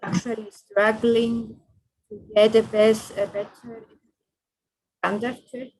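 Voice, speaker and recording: A woman's voice: a little high, flat delivery, slow pace, a little mellow, breathy edge, poor audio. A woman speaking on a panel discussion, hesitant and tentative.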